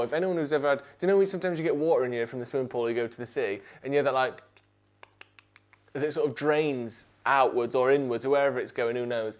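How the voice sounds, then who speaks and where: Young guy on a livestream, jokey, gets loud when he's worked up, mid-pitched voice. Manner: animated, jokey, rising to near shouts when outraged. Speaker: live stream host. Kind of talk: casual live stream chat.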